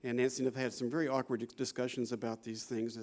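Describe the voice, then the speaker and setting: Quick-paced and flat in delivery, a man in his sixties speaks in a mid-range, darkish voice. He's a psychology professor giving a conversational conference lecture, frequently tossing in "you know" and "right?" and laughing.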